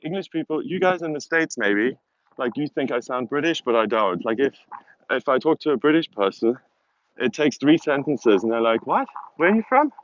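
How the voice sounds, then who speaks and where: Live from a hilltop, a male vlogger talks casually into his phone in an animated, medium-pitched voice at normal speed. His accent is South African and his first language German, and his chatter is rambling and self-mocking. The outdoor audio is lo-fi and dull, with wind noise.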